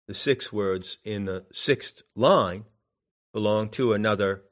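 A man giving a spoken meditation teaching in a deliberate, musing way, with long pauses between phrases. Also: lowish voice. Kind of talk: spoken dharma instruction.

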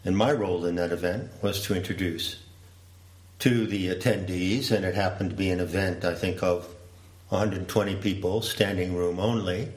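A man giving a slow, deliberate, reflective storytelling talk. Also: deep voice, steady tone. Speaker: speaker. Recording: roomy echo.

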